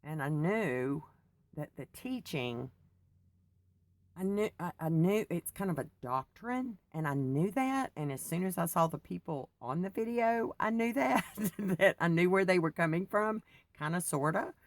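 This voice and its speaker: Low-voiced middle-aged woman vlogging, wired on coffee, keeps going off on tangents. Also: expressive, measured pace, no room sound. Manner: chatty, digressive, laughs often. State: wired on coffee after little sleep. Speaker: faith vlogger. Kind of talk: rambling personal talk.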